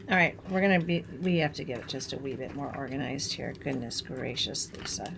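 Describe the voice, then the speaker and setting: A woman's voice: on the low side, fairly even intonation, fast, gravelly, hardly any pauses, background noise. A middle-aged woman from Wisconsin hosting a craft tutorial, chatting in a bubbly way as she works and laughing at herself. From Wisconsin, USA. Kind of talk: chatty hands-on craft demonstration.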